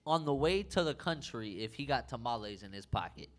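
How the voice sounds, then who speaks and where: A man's voice: mid-range voice, lively intonation, fairly quick. A man co-hosting a podcast who chimes in with profane backup comments. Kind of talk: casual podcast banter.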